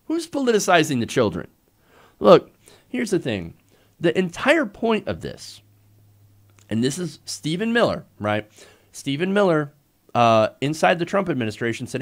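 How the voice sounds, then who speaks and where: Sarcastic, animated male political commentator. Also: on the high side, moderate pace. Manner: sarcastic, mocking, with swings in voice.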